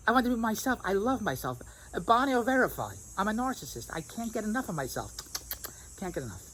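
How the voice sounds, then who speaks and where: Fast-talking rambling man vlogging. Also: sits high, rough recording. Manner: animated, repetitive, mimics others' voices. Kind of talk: rambling self-recorded monologue.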